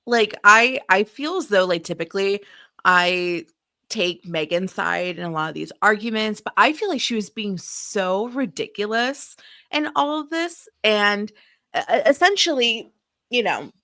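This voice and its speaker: A woman co-hosting a podcast, talking in an animated, exasperated rush with lots of fillers and casual swearing. Her voice is bright and forward, and the sound is dry and close with almost no room around it. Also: medium pitch, a little slow, no echo. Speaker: podcast co-host. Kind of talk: casual chat.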